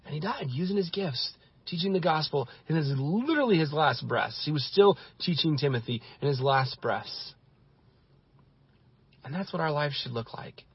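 A husky, fairly high-voiced man preaches a sermon, driving his points home with rhythmic repetition. The recording is dry and dull, like lo-fi church audio. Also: animated, normal speed, no room sound. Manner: impassioned preaching with repeated phrases. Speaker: pastor.

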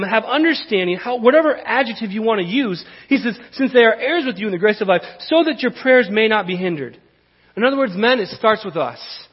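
Male pastor, high husky voice, chatty animated sermon, long church reverb on a dull recording. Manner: conversational, animated preaching with repetitions.

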